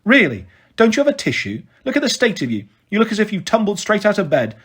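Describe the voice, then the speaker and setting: A man's voice: high-pitched, wildly swooping pitch, fast talker, fairly bright tone, slightly rough, exaggerated voice. A man reading aloud and voicing a stern, scornful female schoolteacher who scolds sharply. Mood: scolding.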